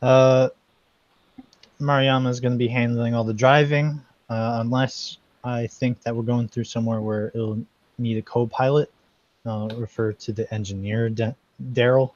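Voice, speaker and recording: A man's voice: mid-range voice, little pitch movement, measured pace, darkish tone, no room sound. A man playing a tabletop game as a senator character, casual and dry-humored. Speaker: player. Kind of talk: in-character role-play chat. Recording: dull, lo-fi mic, dry.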